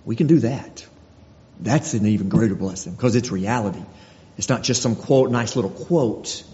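A man's voice: fairly low pitch, normal speed, warm tone. A man preaching a sermon, earnest, repeating phrases and restarting his sentences as he goes. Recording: dull lo-fi recording in a reverberant hall.

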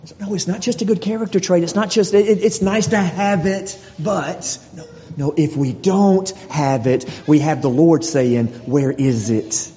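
Male preacher, emphatic and repetitive, slightly high voice, long church-hall reverb. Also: normal speed, mellow, a little hiss or hum. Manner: rhetorical questions, emphatic repetition. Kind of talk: sermon. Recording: dull lo-fi audio with long reverb.

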